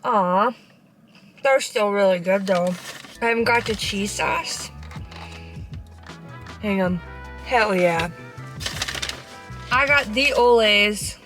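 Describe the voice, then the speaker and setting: A young woman chats straight into her phone camera from a parked car, frank, cheeky and full of slang and the odd swear word. Her voice sits in an ordinary middle pitch, and she keeps talking through mouthfuls of food. Faint music plays in the background. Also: slow pace, pauses often, a bit bright. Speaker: vlogger. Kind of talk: casual vlog chat.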